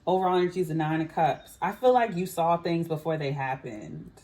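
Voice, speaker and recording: This tarot reader talks a little fast in a low, darkish voice while giving her viewers a casual reading. Her delivery is chatty and musing, full of "I feel like."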